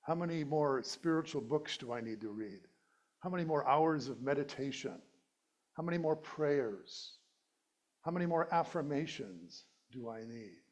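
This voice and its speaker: A man's voice: medium pitch, expressive, normal speed. A middle-aged male minister giving a conversational, playful sermon and laughing at his own jokes. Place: church sanctuary.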